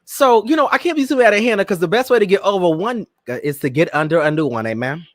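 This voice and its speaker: A sassy, campy man hosting a pop-culture chat show, his voice swooping high and low as he teases his listeners. He sits close to the mic in a dry, dead room. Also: a little fast, dry recording. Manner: sassy, campy, animated, addresses listeners as "girl" and "Miss Thing". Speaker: podcast host. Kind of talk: casual pop-culture commentary.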